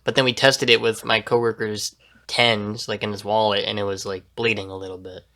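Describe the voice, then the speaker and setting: A man's voice: on the low side, little pitch movement, a little fast. A young man co-hosting a casual podcast, telling a rambling story full of fillers and swearing. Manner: rambling storyteller with many fillers, loud laughing shouts when mimicking. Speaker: podcast co-host. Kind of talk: casual chat.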